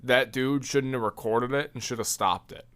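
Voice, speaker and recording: A man's voice: medium pitch, fairly even intonation, moderate pace, fairly bright tone, clear, resonant tone. A man co-hosting a casual podcast, trading laid-back jokey banter. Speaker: podcast co-host. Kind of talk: casual chat.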